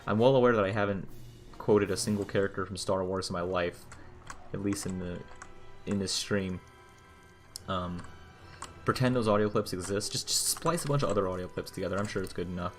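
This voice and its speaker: A man's voice: low-pitched, a little fast, pauses often, faint music behind. A young man streaming a video game, rambling and joking casually, swearing freely, with keyboard typing nearby. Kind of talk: casual gameplay commentary.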